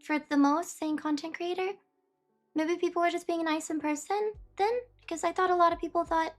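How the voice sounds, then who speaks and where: A young woman with a high, light voice talks loosely and at length to her live-stream viewers. She rambles from thought to thought and says "beep" aloud in place of words. Soft music plays faintly underneath. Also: steady tone, a little fast. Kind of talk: casual live-stream chat.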